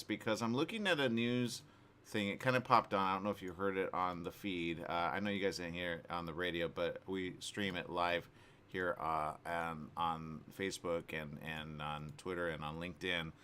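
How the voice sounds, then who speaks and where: A man's voice: deep voice, normal speed, clear, resonant tone. A man hosting a morning radio talk show, chatting casually with lots of fillers and restarts. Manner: rambling, animated, many fillers and restarts. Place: radio studio.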